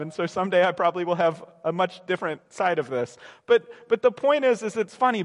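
Young man, pastor, conversational sermon, high-pitched, reverberant hall. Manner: conversational, self-correcting, acts out quoted voices.

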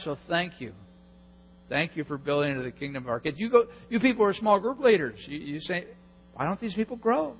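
A male pastor preaching a sermon in an animated way, acting out people's prayers with a mocking edge. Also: a little high, brisk, slightly rough. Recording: lo-fi recording in a reverberant hall with mains hum.

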